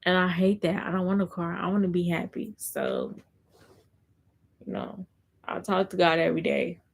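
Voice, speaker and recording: A woman's voice: on the low side, animated, normal speed, gravelly, husky. A woman vlogger in casual live-stream chat, rambling and repeating herself with lots of fillers. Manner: rambling and repetitive, heavy fillers.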